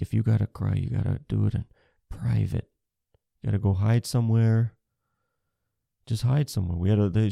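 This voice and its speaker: Man, 30s, stand-up comedy, gravelly, dark tone, dry sound. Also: lowish voice, dry recording. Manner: rambling, profane, self-mocking.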